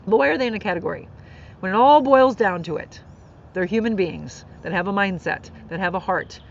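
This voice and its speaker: A middle-aged woman hosting a podcast tells a heartfelt personal story with earnest emotion, laughing through tears. Her voice is fairly low, and the audio sounds dull with a faint hiss or hum.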